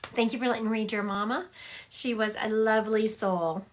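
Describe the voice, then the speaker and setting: A woman's voice: a little high, fairly even intonation, moderate pace, background noise. Give me a chatty woman psychic medium doing a livestream reading on her phone. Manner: chatty, laughs often, acts out spirits' lines.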